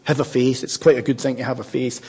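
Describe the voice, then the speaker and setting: Husky older Glaswegian man telling a story. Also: mid-range voice, flat delivery, fast talker, darkish tone. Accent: Glaswegian Scottish. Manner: humorous, rambling, chaotic storytelling. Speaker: Buddhist speaker. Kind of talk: storytelling talk to a live audience.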